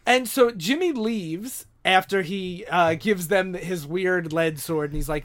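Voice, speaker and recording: A woman co-hosting a podcast, recapping an old comic in casual chat, tossing in quick acted quotes and laughing often. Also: on the low side. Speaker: podcast co-host.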